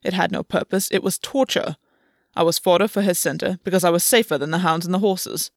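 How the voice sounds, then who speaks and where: Stoic male fae noble, measured and formal, very dry sound as a woman reads him. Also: lowish voice, steady tone, no echo. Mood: cold, defensive. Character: proud, weary male fae lord, reserved.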